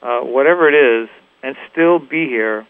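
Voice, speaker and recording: Male musician guest, thoughtful and halting, mid pitch, thin phone-band radio audio. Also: dry recording. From Los Angeles. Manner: halting, many restarts and "you know". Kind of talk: reflective interview talk. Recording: tinny phone-like radio recording.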